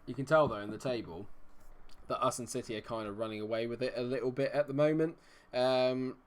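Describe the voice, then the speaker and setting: A man's voice: mid-range voice, fairly even intonation, fairly quick, darkish tone. A young man from Dorset with a Dorset English accent, commentating a live football game stream in a chatty, self-deprecating way, humming and muttering to himself between plays. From England, Dorset. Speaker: gaming streamer.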